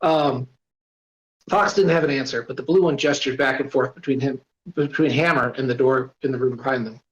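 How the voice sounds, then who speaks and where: A man's voice: mid-range voice, fairly quick. Man casually reading his story aloud. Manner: casual, with asides and apologies. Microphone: voice-chat mic. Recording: roomy, dull voice-chat audio.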